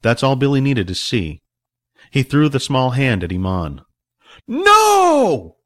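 A man's voice: medium pitch, lively intonation, moderate pace. A man reading a story aloud as narrator, voicing the characters himself. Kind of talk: audiobook narration with voiced characters.

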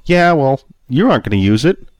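A man's voice: mid-range voice, big pitch swings, brisk, no room sound, voice pushed up, lightly acted. A man voicing a defiant, rude young woman. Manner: snappy, defiant.

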